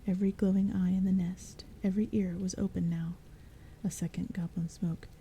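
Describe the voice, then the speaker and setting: A woman reading a novel aloud as a soft-spoken bedtime story, in a soft, breathy half-whisper. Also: lowish voice, flat delivery, a little fast, a little hiss or hum, rough recording. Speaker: audiobook reader. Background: soft rain and thunder.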